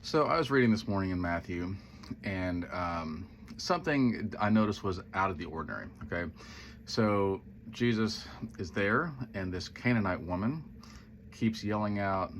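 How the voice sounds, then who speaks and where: A man's voice: low voice, animated, measured pace, slight background noise. A man casually reflecting on a Bible passage, retelling it in a conversational way with quoted voices and musing asides. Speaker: Christian social media speaker.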